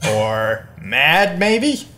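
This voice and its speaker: A man voicing a calm, level-headed male puppet friend in a comedic church skit, gently teasing and reasonable. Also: fairly high pitch, extremely slow, soft background music, exaggerated voice. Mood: patient.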